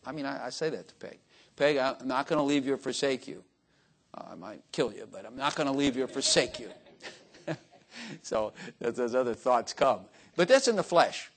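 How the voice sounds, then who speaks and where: An older man preaching an informal sermon, folksy and joking, often turning to the congregation with "Amen?". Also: fairly high pitch. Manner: folksy, joking asides, frequent "Amen?" to the crowd.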